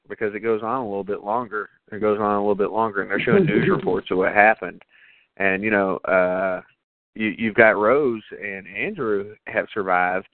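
A man co-hosting a podcast, chatting casually and profanely about horror movies with excitement and jokes. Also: fairly low pitch, no echo, phone-quality sound. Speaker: podcast co-host.

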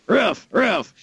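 A man putting on a male robot who drawls like an old-timey sheriff. It sounds folksy and playful, with pitch that climbs above his usual and moves widely. The recording is close and dry. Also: vocal fry, fairly bright tone, breathy edge, no room sound, heavily acted.

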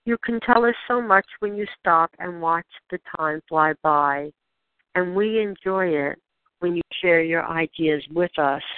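A woman leading a channeled spiritual guidance session, speaking in gentle, questioning prompts to the listener. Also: on the low side, unhurried, smooth, dry recording. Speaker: spiritual guide. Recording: dry, tinny phone-like sound.

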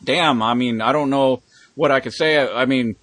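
A man's voice: medium pitch, normal speed, a bit bright, dry recording. Profane, rambling man on a podcast. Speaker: podcast host. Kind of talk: casual chat.

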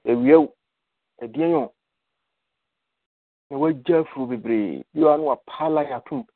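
A man's voice: fairly high pitch, wildly swooping pitch, moderate pace, vocal fry, no echo. An older man reminiscing in casual chat, telling stories and mixing in English words. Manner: storytelling, mixing English words into his speech. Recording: tinny phone-line call.

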